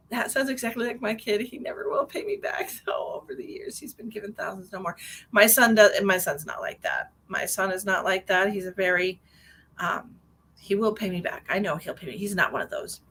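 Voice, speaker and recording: A woman's voice: mid-range voice, fairly quick, fairly bright tone, slightly rough. A middle-aged woman hosting a live stream as a psychic medium, chatting in a rambling, bubbly way and laughing often. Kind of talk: casual live-stream chat.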